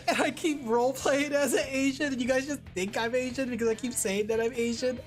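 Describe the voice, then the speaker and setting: A woman's voice: high-pitched, brisk, faint music behind. A woman from California chatting casually on a livestream while drawing, rambling and laughing often. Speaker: VTuber streamer.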